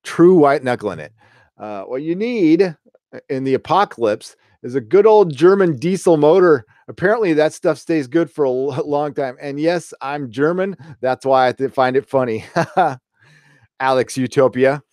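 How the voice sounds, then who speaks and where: A man's voice: a little high, animated, a little slow, darkish tone, no echo. Profane, rambling man in a dry room. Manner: rambling, profane, laughs at own stories. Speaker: host reading live chat. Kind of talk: casual live-stream chat.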